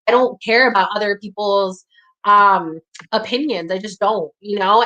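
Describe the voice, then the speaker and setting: A young woman from the New York area speaking candidly in conversation, blunt and profane, with a steady stream of "like" and "you know". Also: a little high, poor audio. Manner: blunt, profane, heavy use of "like".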